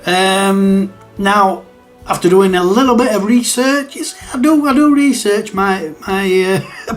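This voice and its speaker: A man hosts a retro gaming channel and talks casually to camera, rambling and hesitant, with many restarts and chuckles. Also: fairly high pitch.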